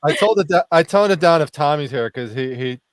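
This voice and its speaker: A man's voice: fairly high pitch, lively intonation, brisk, no echo, studio quality. Laughing, joking male livestream host. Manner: jokey, laughs often. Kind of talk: casual chat.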